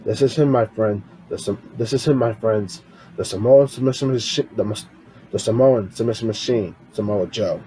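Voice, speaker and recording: Low-voiced man reading his poems. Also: normal speed, warm tone, a little hiss or hum, rough recording. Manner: rambling, with frequent restarts and self-corrections; chatty, speaks directly to viewers as friends. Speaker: poetry vlogger.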